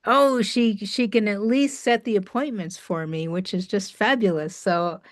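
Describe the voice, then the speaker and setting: A woman's voice: medium pitch, unhurried. Chatty woman hosting a video call. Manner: chatty, with restarts and laughs. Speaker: host of an open office hour. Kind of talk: casual group video call.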